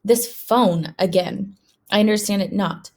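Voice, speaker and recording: A woman reads the part of a miserable boy ghost, lost and gloomy, who speaks like someone out of Shakespeare's age. His words come low and heavy in a read-aloud storybook. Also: measured pace, a little mellow. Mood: confused. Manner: archaic, mournful speech.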